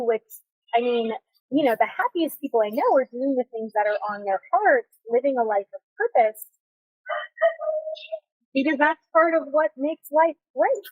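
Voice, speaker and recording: This solo podcast host, a woman, talks in a casual, cheerful, encouraging way right up on the mic, captured on video. She has a high voice, the sound is phone-quality, and there's no room sound.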